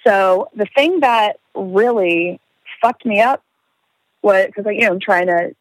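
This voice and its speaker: Young woman, casual storyteller, expressive, swears, dry sound. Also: mid-range voice, measured pace, dry recording, rough recording. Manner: animated storyteller, swearing, laughing, acting out quotes. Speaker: guest telling a story. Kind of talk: casual podcast chat.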